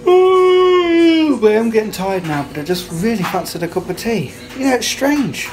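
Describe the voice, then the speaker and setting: With a high, animated voice and a fairly quick delivery, a man vlogs about his evening at home, bantering with his children and laughing often. He is a family vlogger recording indoors in the kitchen, where the audio is noisy and soft music plays in the background.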